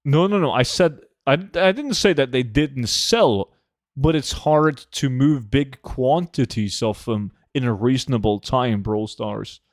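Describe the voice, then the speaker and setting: A man's voice: mid-range voice, a little slow, no room sound. Laid-back joking male streamer, dry sound. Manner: swears a lot, joking and laid-back, reacts to chat. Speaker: live streamer. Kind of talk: casual live-stream chat. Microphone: desk microphone.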